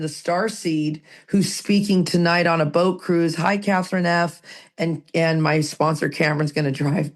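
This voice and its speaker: Chatty woman podcast host. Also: deep voice. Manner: animated, rambling, reads passages aloud. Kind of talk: casual recovery podcast chat.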